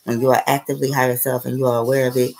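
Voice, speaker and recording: A woman with a bass voice, gravelly yet a little mellow, talks very fast with little pitch movement. As a spiritual vlogger, she rambles casually through a story full of profanity, often checking in with "okay?" and "right?" The recording is low quality.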